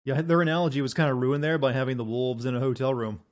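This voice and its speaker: Brief: deadpan male streamer, casual chat, mid pitch. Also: quick pace. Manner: flat deadpan voice. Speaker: game streamer.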